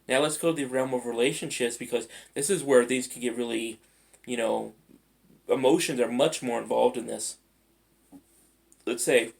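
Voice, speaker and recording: Gravelly-voiced man giving a motivational talk. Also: medium pitch. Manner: casual, conversational, acts out everyday scenarios. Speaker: life mentor.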